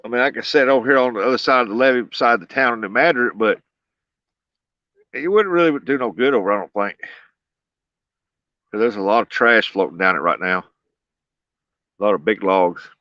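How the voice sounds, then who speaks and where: A folksy man with a drawl, chatting easily with his viewers while fishing beside a flooded river. His voice sits at an ordinary middle pitch, and he chuckles often. The sound is dull and lo-fi, with a dry, close feel and no room echo. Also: fairly quick, pauses often, bright, forceful tone. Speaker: livestream host. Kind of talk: casual livestream chat while fishing.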